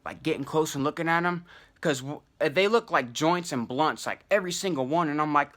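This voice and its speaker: A young man telling a wild personal story in casual, profane slang, full of fillers and animated asides. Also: fairly high pitch, moderate pace.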